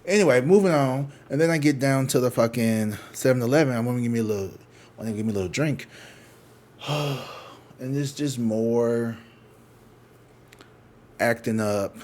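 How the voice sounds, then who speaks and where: Profane, animated man telling a story. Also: mid-range voice, moderate pace, pauses often. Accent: St. Louis. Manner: profane, animated, acts out other people's lines. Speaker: tarot reader telling a story. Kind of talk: casual storytime monologue.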